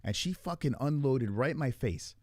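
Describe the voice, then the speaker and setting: Casual storytelling is the mode here: a male podcast host rambles through loose retellings, animated and swearing freely. He has a mid-range voice and a moderate pace, captured in studio quality with no echo.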